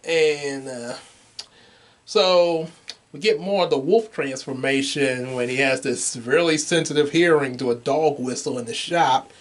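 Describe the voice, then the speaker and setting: A man's voice: mid-range voice, measured pace. A man co-hosting a casual movie review, rambling with many restarts and laughing at his own jokes.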